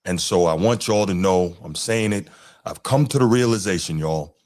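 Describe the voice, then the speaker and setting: A man's voice: low-pitched, normal speed, a little mellow. A man co-hosting a sports podcast, talking in a laid-back, sarcastic, mock-serious way. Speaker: podcast co-host. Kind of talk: casual sports podcast banter.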